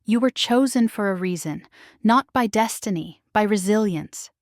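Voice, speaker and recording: A woman voicing a calm mystical healer woman who speaks solemnly and softly in an audiobook romance story. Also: mid-range voice, normal speed, dry recording, clean studio sound, lightly acted. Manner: solemn, hushed.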